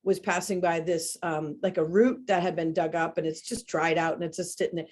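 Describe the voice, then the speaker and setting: A woman teaching about horse behavior in a webinar conversation, talking in an animated way and demonstrating sounds as she explains. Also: fairly low pitch, fairly quick.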